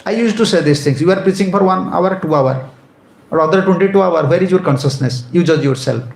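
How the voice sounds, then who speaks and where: A man's voice: high voice, brisk, vocal fry, echoey room, poor audio. A man giving a devotional sermon, emphatic and often repeating and restarting phrases. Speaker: monk preacher.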